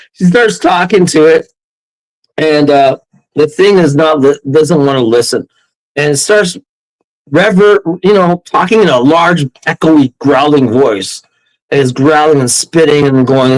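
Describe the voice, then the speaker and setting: A man telling a ghost story as a podcast guest, animated, laughing often and acting out quotes. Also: a little high, a little slow, low-quality recording. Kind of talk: casual storytelling.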